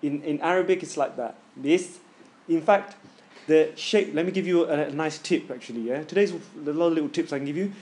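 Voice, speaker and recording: Casual man teaching in class. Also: fairly high pitch. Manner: casual, joking, demonstrates sounds loudly and slowly. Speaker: tajweed teacher.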